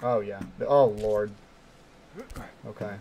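A young man giving live commentary while playing a hard climbing game, excitable and swinging between quiet mutters and sudden yelps. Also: on the low side, slow pace, noisy background. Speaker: gaming streamer.

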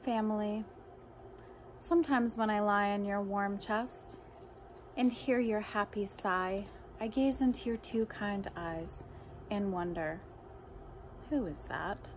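A woman reading humorous poems aloud with deadpan, dry comic timing. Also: mid-range voice, takes it slowly, a little hiss or hum. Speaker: reader.

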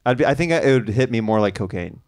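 A man hosting a live comedy show, hyping the crowd and shouting introductions for the comics. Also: medium pitch, expressive, quick pace. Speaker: show host. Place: comedy club stage. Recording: live club with crowd and music.

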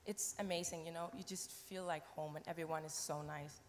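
A woman's voice: sits low, fairly even intonation, a little fast, a little hiss or hum. A young woman pageant contestant answering on a live stage, enthusiastic, in flowing run-on phrases.

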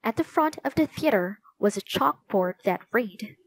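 A woman reading a children's storybook aloud in slow, clear narration. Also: medium pitch, animated, no room sound. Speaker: storybook reader.

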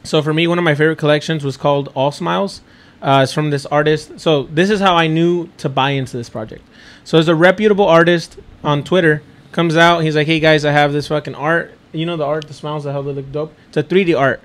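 A young man chatting casually as a podcast guest, an excitable storyteller who swears freely. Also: fairly high pitch, brisk. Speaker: podcast guest, NFT creator. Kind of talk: casual chat.

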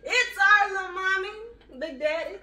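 A woman's voice: very high voice, normal speed, sharp tone, a little hiss or hum. A young woman with a Caribbean English accent, teasing and giggly in a casual couple vlog at home. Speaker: vlogger. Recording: roomy, mic at a distance.

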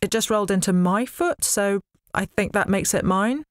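A woman's voice: mid-range voice, no room sound, studio quality, voice pushed up, close to an everyday voice. A woman voicing a petulant young goddess who insists stubbornly that the prize is hers. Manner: whiny, drawn-out insistence.

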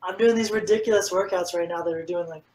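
A man's voice: high voice, quick pace, background noise. A man being interviewed as a fitness coach, speaking casually and with energy, and filling his talk with "like". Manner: energetic, animated storytelling with many "like"s.

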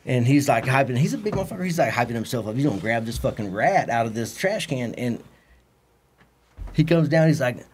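A man's voice: medium pitch, animated, fairly quick, slight background noise. A man with a Texan accent telling a rambling, profane story on a podcast, acting out what others said. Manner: profane, rambling anecdotes with acted-out quotes. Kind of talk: casual storytelling.

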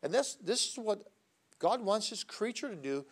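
A man lecturing at a seminary, telling stories animatedly and swinging between soft asides and loud, emphatic points. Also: sits high, big pitch swings, moderate pace. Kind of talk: classroom lecture.

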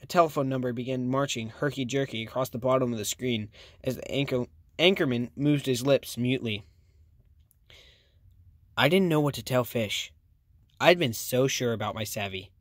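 A man's voice: medium pitch, moderate pace, pauses often, no room sound, studio quality. A man narrating a first-person audiobook in a plain reading voice, with small slips and restarts.

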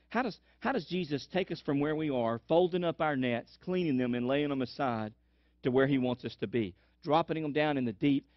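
A man's voice: a little high, no room sound. A man preaching a sermon as pastor, telling stories animatedly and repeating for emphasis. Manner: animated storytelling, emphatic repetition. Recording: dull lo-fi sermon recording.

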